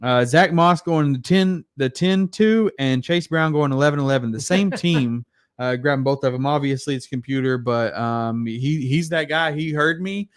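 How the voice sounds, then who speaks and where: A man's voice: mid-range voice, normal speed, few pauses, clean tone, no room sound. Laid-back man co-hosting, dry close sound. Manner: laid-back, chatty, slips into quoting others. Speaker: podcast co-host. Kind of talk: casual chat.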